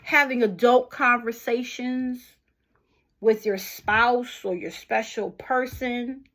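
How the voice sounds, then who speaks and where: A woman's voice: on the high side, steady tone, a bit bright. A middle-aged woman talking casually and unhurriedly to her viewers, asking them questions as she encourages them. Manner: unhurried, conversational, asks the listener questions. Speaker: vlogger. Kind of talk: casual motivational talk to camera.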